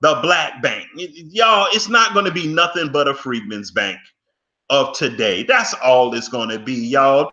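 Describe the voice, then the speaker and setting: A man's voice: mid-range voice, expressive, unhurried, bright, forceful tone, lo-fi sound. A man giving fervent commentary, preachy and emphatic, scolding and pleading with his audience in folksy phrases. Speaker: commentator reacting to an interview clip.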